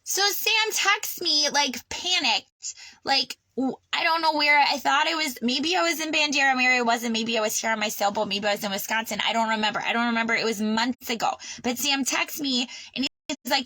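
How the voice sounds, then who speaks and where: A woman tells her story to camera in a raw personal vlog, worked up and swearing freely. She stumbles and restarts her sentences as she talks. Her voice is high and bright, and the sound is close and dry. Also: a little fast, dry recording, low-quality recording. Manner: agitated, swearing, stammering restarts. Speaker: vlogger. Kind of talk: unscripted personal vlog rant. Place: on her sailboat.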